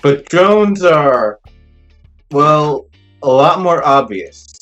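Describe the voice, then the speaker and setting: Young man, podcast co-host, slow halting delivery, slightly high voice, dull lo-fi sound. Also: expressive, fairly bright tone. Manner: halting, filler-heavy, slow to find words. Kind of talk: casual chat. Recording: dull lo-fi podcast audio with faint music.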